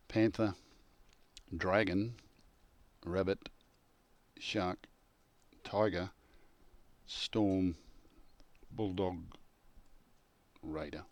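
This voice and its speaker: An Australian man with a low, deep voice talks footy as a pundit, blunt and plain-spoken as he gives his tips. The sound is close and dry, with no room around him. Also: no echo. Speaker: rugby league pundit. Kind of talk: casual sports chat.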